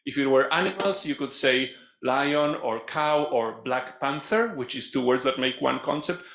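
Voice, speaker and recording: A man facilitating a live conference workshop, giving playful, animated instructions to the room. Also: medium pitch, normal speed, gravelly, slight background noise. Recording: echoey room.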